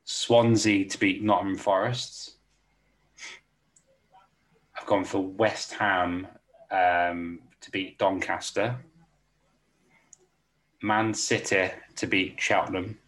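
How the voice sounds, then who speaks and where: A man's voice: sits low, steady tone, slow, pauses often, a bit bright. A man co-hosting a podcast, chatting casually and jokily about weekend football bets. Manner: laid-back, jokey, calls listener mate. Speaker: podcast co-host. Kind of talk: casual betting tips chat.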